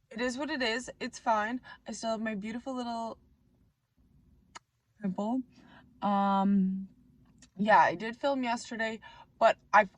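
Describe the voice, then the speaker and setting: A young woman with a naturally raspy voice, rambling and joking about herself in a casual vlog. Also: on the high side, no echo. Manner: rambling, chatty, self-mocking. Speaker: vlogger. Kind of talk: casual chat to camera. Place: Canada.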